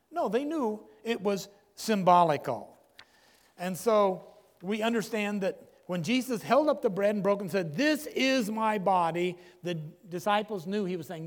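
An older male pastor delivers a sermon in a high, animated voice, preaching emphatically with dramatic pauses. A long hall echo surrounds his words.

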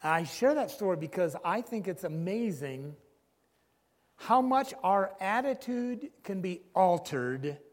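A man preaching a sermon, earnest, pausing often and dropping low on key phrases. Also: big-room sound.

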